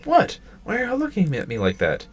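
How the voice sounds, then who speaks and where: A man reading aloud in a high, shrill voice as a gullible, excitable schoolgirl who whines and protests. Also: quick pace. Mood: indignant.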